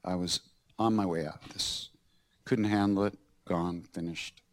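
This man speaks at a low pitch and an unhurried pace while hosting a podcast. He recounts stories from his own life with animation, laughing as he acts out each scene.

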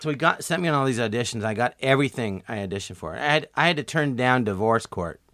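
A middle-aged man telling stories as a comedian guest in an interview, acting out quotes with sudden jumps in pitch. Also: expressive, fast talker, a bit bright, dry recording, studio quality. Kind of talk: storytelling interview.

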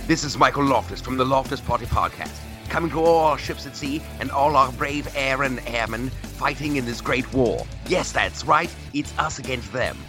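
A man's voice: medium pitch, moderate pace, few pauses, music in the background, pitched above the performer's own voice, lightly acted. A man voicing a pompous male wartime radio announcer in a put-on English accent, with grandiose, mock-formal delivery. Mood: mock-grand.

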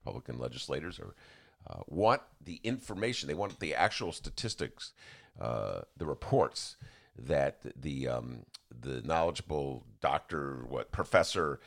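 A man hosts a podcast of casual political chat in a gravelly bass voice, animated but unhurried. He rambles and restarts often, acting out quotes with big swings in his voice.

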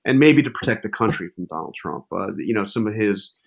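A journalist guest tells stories animatedly in a casual interview, restarting often and leaning on fillers. His voice is on the low side, brisk and creaky.

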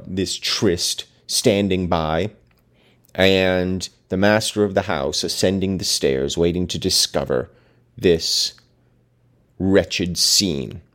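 A man reading a novel aloud, mixing expressive reading with chatty, casual asides. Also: deep voice. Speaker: book reader.

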